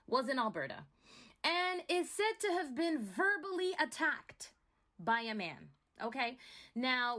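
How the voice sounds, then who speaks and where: A woman's voice: high-pitched, a bit bright. A woman from Montreal giving emphatic opinion commentary as a vlogger, often checking in with "right?". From Montreal, Canada. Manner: emphatic, keeps asking "right?".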